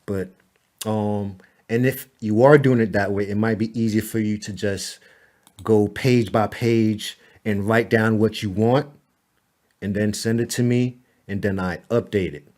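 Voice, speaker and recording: A web designer guides a client through site edits in a relaxed, conversational screen-recorded walkthrough. Good-natured and easygoing, he keeps dropping "all right" and "boom," laughs at himself now and then, and mutters when the computer lags.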